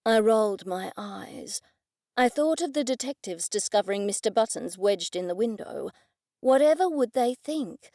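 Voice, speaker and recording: A woman narrating a first-person mystery audiobook in a clear, even storytelling delivery. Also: on the high side, normal speed, no room sound, clean studio sound.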